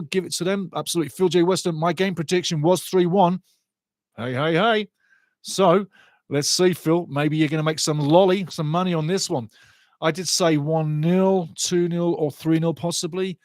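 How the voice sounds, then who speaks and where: A man's voice: on the high side, no echo. Chatty man reading football stats. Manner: chatty, reads out scores and stats. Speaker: watch-along host. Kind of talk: live football watch-along commentary.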